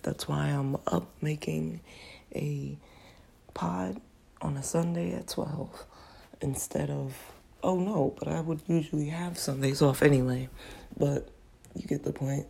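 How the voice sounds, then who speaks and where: A young woman talks through a casual solo podcast, candid and slangy as she vents. She has just woken up, so her voice is groggy and cracks. Her voice sits low and mellow with a strong gravelly fry. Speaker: podcast host.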